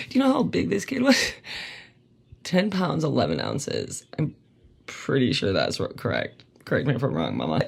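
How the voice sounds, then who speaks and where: A woman's voice: sits low, wildly swooping pitch, unhurried, vocal fry, long pauses, breathy edge. A woman hosting a podcast, telling candid personal stories in a rambling way, laughing often and swearing casually. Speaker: podcast host.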